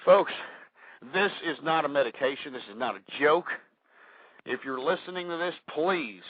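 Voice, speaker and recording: A man's voice: on the high side, moderate pace, no room sound, phone-quality sound. A man hosting a radio show, panicked and rambling, stammering through an apology with his heart racing.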